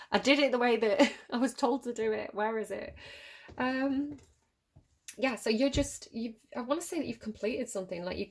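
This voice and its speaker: A woman in her thirties giving a casual tarot reading, chatty and laughing often, restarting her phrases. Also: medium pitch. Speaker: tarot reader.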